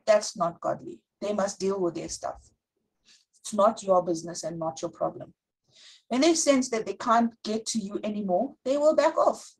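Woman Bible teacher with a husky, breathy voice; earnest sermon delivery, reads verses slowly. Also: medium pitch, a little mellow, rough recording. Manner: earnest, slows to read scripture aloud.

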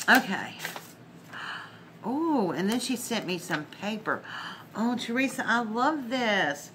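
A woman hosting a casual crafting vlog, gushing warmly and laughing as she opens mail. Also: fairly high pitch, animated, slow, pauses often, slight background noise. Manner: effusive, gushing, laughs often. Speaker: crafting channel host.

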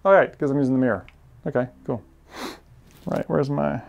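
A man's voice: mid-range voice, fairly quick, vocal fry, dull audio. A man streaming a VR game, chatting casually and reading viewer messages aloud. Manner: rambling, chatty, reads chat aloud. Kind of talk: casual live-stream chat.

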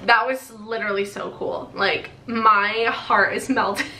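A woman's voice: medium pitch, steady tone, a little slow, pushed and bright. A young woman gushing and laughing as she unboxes gifts in a casual vlog. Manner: bubbly, gushing, laughs often. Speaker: beauty vlogger. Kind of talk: excited haul unboxing chat. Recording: echoey room, faint noise.

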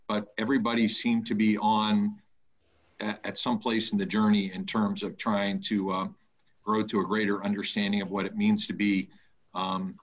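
Low-voiced man, thoughtful, over dull call audio. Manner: thoughtful, hesitant with fillers. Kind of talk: reflective summary on a video call. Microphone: video call.

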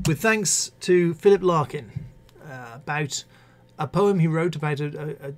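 A man who teaches English, reading poems aloud with expressive, measured delivery and breaking off into hesitant spoken asides. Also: fairly high pitch, vocal fry, slight background noise. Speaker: English teacher hosting a live stream. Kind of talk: poetry reading with commentary.

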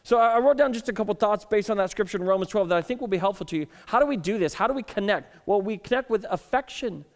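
High-voiced pastor preaching in a hall. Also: male voice, lively intonation, fast, few pauses. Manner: conversational, self-deprecating storytelling with frequent repeated starts. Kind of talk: sermon. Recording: long reverb of a church hall.

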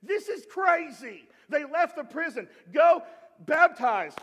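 High voiced guy preaching, lively, goes from shouting to mumbly asides, big church echo. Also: takes it slowly. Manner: animated, swings from shouting to low asides. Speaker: pastor. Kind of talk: sermon. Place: church sanctuary.

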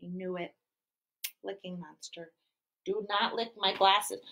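A woman children's entertainer telling a story to preschoolers in an animated, sing-song way and asking the kids questions. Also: medium pitch, a little slow, creaky. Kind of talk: preschool storytelling live stream.

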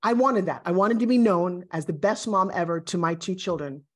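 A woman in her sixties, a guest, talking in an emphatic, animated and self-assured way in a motivational interview. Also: fairly low pitch, moderate pace. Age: 60s.

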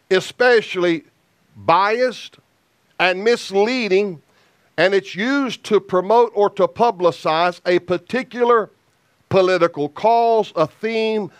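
A man preaching a sermon as an evangelist, slow and emphatic with deliberate pauses. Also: sits high, clear, resonant tone, no echo.

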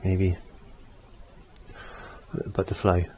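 Man, painting tutor, lowish voice, chatty, repeats himself while working. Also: completely flat delivery, slow, dark tone, muffled recording, slight background noise. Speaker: painting teacher.

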